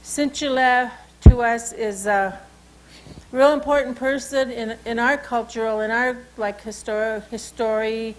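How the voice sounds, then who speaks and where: Storytelling Salish woman, higher voice. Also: steady tone, a little slow, poor audio. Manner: informal, repeats "you know" and "okay". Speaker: cultural educator. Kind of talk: oral storytelling and teaching.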